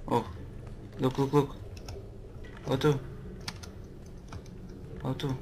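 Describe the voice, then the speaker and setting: Slow-talking man narrating a game. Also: medium pitch, little pitch movement, warm tone, a little hiss or hum. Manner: jumpy, swearing, talking to his teddy. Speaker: gaming video host. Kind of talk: let's play commentary.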